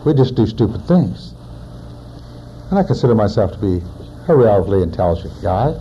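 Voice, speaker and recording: A man's voice: on the low side, sing-song, a little fast, dark tone, lo-fi sound, a little hiss or hum. A man in his forties, a recovering alcoholic, giving a personal testimony in a plainspoken storytelling manner with wry humor. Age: 40s.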